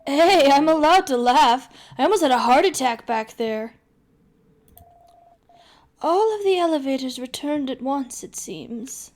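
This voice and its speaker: A woman's voice: sits high, animated, a little slow. A woman voicing a game contestant in a plain, dry-humored reading.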